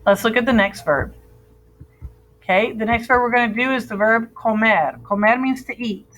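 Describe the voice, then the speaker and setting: A woman's voice: fairly high pitch, fairly even intonation, normal speed, fairly bright tone, a little hiss or hum, low-quality recording. Patient woman teaching a grammar lesson. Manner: patient, drills students in call and repeat. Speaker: Spanish teacher.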